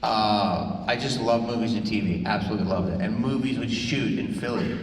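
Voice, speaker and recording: A man, a comedian and panel guest, telling quick joking stories to a convention audience. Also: fairly low pitch. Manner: quick joking asides, animated punchlines. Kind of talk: casual panel storytelling. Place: large convention hall panel. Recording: echoey convention hall from far off with noise.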